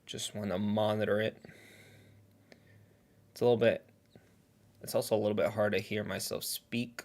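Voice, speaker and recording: A man's voice: lowish voice, fairly even intonation, normal speed, creaky, long pauses, darkish tone. A man hosting a casual livestream reaction who rambles in a chatty way and talks while eating.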